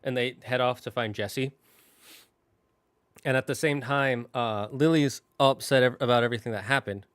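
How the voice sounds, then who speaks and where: A man's voice: medium pitch, steady tone, moderate pace, a bit bright, clean tone, dry recording, studio quality. A young adult man hosting a gaming channel, casually recapping a story in a rambling, self-correcting way with plenty of restarts and fillers. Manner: emotional, tearing up.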